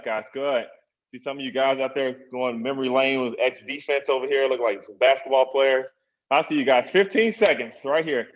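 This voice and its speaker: A man's voice: mid-range voice, dull audio. A man, a personal trainer, coaching an online workout class, encouraging people and counting down the reps.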